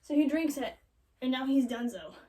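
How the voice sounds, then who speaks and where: A young woman casually retelling a classic love story as a joke, with sarcastic asides and quick quoted voices. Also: sits high, animated, dark tone, far from the mic, rough recording. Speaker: comedic storyteller. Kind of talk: joking retelling of a classic play.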